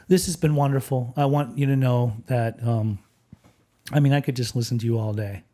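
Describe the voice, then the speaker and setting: Mellow-voiced podcast host. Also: male voice, mid-range voice, steady tone, normal speed. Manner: warm, appreciative, small fillers. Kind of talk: reading listener questions, casual chat.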